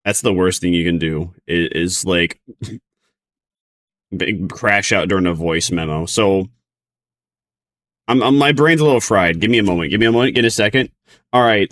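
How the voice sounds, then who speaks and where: A man's voice: on the low side, lively intonation, normal speed, long pauses, fairly bright tone. A sleep-deprived man streaming a reaction video, rambling and stumbling over his words as he comments. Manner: rambling, stumbling restarts, giggly.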